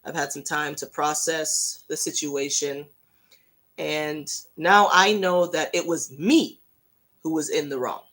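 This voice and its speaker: A fan hosting a casual livestream, telling a rambling, self-mocking story in an animated way. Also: medium pitch, slow.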